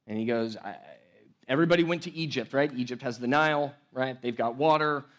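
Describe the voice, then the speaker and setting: A man's voice: mid-range voice, a little fast. A man preaching a sermon as pastor, talking casually with many restarts and tag questions like "right?", and building energy as he teaches. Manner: conversational, rambling with restarts and "like, right?".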